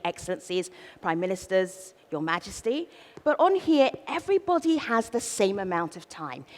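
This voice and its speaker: A woman with a South London accent moderating a large conference, playful and theatrical with the audience. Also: on the high side. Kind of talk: live event hosting. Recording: reverberant large hall.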